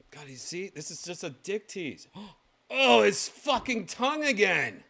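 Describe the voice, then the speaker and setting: A man hosts his own show, reacting to clips in a casual livestream commentary. He's excitable, swears freely and shouts loud exclamations. His voice is high and gravelly, and he speaks a little slowly.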